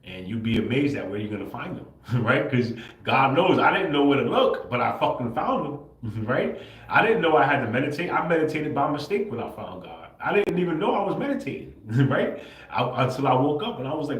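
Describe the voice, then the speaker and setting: A man's voice: mid-range voice, sing-song, brisk. A man on a livestream talking straight to his viewers, tagging lines with "bro" and "right?", laughing often and swearing freely. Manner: swears casually. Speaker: livestream host. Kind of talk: casual livestream monologue. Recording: roomy echo.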